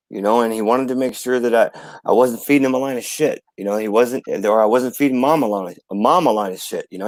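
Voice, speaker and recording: A man's voice: no room sound, low-quality recording. Middle-aged man, earnest storyteller who repeats himself, dry close mic. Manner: earnest, repeats himself, voice rises high when moved. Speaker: guest. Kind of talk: emotional storytelling in a live video chat.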